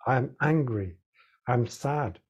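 A man's voice: mid-range voice, lively intonation, slow, a little mellow, slightly rough, highs cut off. A man, a life coach and author, explaining ideas earnestly in an interview with lots of examples. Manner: earnest, example-driven, repeats words while thinking.

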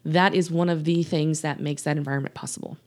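A woman's voice: sits low, fairly even intonation, quick pace. A woman coach hosting a solo podcast, earnest and emphatic, repeating her key points with light laughs. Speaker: podcast host and life coach.

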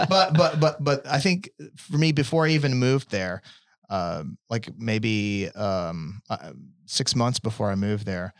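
A man's voice: lowish voice, lively intonation, slow, dry recording, studio quality. Rambling young man on a podcast. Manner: rambling, self-interrupting, laughs often. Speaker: podcast guest. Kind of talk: casual chat.

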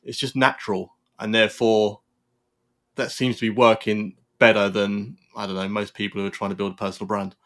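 A man's voice: on the low side, level tone, brisk, a bit bright. A man hosting a casual interview, asking reflective questions in a conversational way. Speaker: interview host.

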